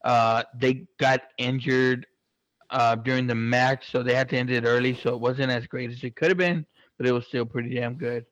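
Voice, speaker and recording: A man's voice: mid-range voice, normal speed, no room sound. Casual guy swearing nonstop, lots of ums and uhs, kinda muffled dry recording. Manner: excitable, heavy swearing; rambling with many fillers. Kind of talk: casual chat.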